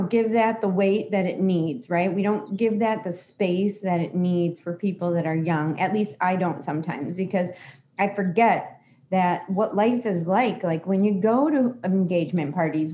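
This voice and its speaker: A woman's voice: medium pitch, moderate pace, dark tone, a little hiss or hum. A woman co-hosting a podcast about recovery, talking candidly and animatedly in casual chat. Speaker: podcast co-host.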